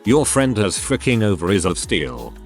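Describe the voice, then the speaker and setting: Lively low-voiced male story narrator. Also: normal speed. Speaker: narrator reading reddit posts. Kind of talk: scripted narration. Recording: faint background music.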